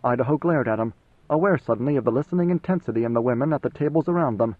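A man reading a novel as audiobook narrator, in measured, even storytelling. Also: mid-range voice, dry recording. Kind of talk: scripted narration. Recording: tinny phone-like band, dry.

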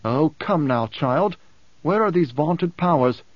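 A man voicing a calm, cryptic male advisor who lectures in a measured, composed way, in an audiobook. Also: a little high, no echo. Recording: dull dry close recording.

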